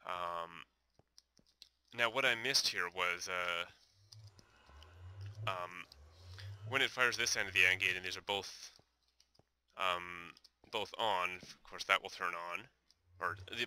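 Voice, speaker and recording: A man's voice: deep voice, steady tone, slow pace, pauses often, pushed and bright, clear, resonant tone. A young man giving casual gameplay commentary, thinking aloud and hesitating with many fillers.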